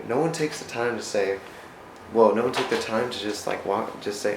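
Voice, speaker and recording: A man's voice: fairly low pitch, normal speed, noisy background. A man from the United States giving a casual, faith-based vlog talk in an earnest, rambling way, often restarting and correcting himself. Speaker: vlogger. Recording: roomy echo.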